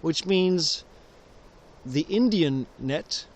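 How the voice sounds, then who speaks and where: High, lively man rambling in a forest. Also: very slow. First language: Danish. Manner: whimsical, punning, full of restarts. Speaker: vlogger. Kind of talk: rambling improvised monologue. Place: outdoors in a forest. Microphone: handheld camera, sometimes left on a tree.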